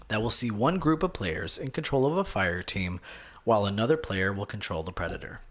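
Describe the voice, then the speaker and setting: Excitable rambling man on a gaming podcast. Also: on the low side, brisk, breathy edge. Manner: rambling, excitable, swings from mumbling to loud outbursts. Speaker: podcast host. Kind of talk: casual solo gaming podcast.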